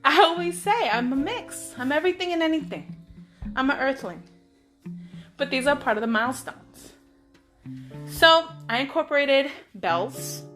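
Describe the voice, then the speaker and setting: A woman hosting her own show, telling personal stories in a chatty, animated way with playful asides to her listeners. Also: sits high, moderate pace, pauses often, soft background music. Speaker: podcast host. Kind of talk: casual storytelling monologue.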